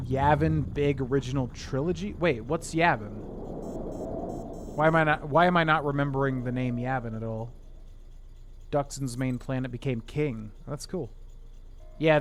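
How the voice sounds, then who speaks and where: Over background noise, a man with a medium-pitched voice streams a video game in casual let's-play commentary. He thinks aloud, counting and muttering sums to himself, grumbling in a half-joking way.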